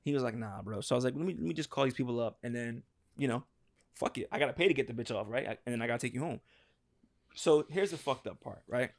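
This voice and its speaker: A man's voice: medium pitch, quick pace. A man telling a long profane story on a casual podcast, acting out what people said. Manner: animated, profane, acts out quotes. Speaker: podcast co-host.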